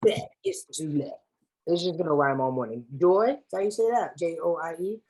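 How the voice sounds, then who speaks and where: Brisk and fairly low, her dark voice comes through slightly rough on a low-quality recording. The speaker is an LA woman facilitating a lively video-call workshop online, chatting in a playful, slang-filled way.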